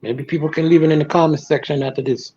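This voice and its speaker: A man's voice: fairly high pitch, steady tone, fast talker, dark tone, slightly rough. A young man from Florida calling into a live stream, talking slangy and hesitant. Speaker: call-in guest on a live stream. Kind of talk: casual chat. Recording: dull lo-fi call audio.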